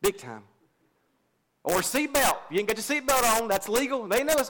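A man's voice: high-pitched, very animated, moderate pace, a bit bright. A middle-aged man, a pastor preaching a folksy, confessional sermon and joking with his congregation. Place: church.

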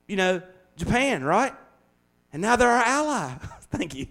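A middle-aged American man preaching a sermon as pastor, in a folksy, animated way that swings from loud to hushed. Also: sits high, unhurried, vocal fry. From United States.

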